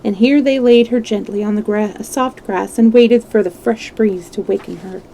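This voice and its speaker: A woman reading a children's book aloud in a gentle way, now and then correcting a slip. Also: medium pitch, moderate pace, creaky, a little hiss or hum, rough recording. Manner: gentle, with small slips and self-corrections. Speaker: storyteller.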